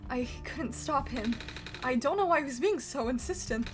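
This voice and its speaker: A worried, apologetic construct, voiced by a woman in a game, speaking anxiously. The voice sits fairly high. Game music plays clearly behind it. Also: lively intonation, moderate pace.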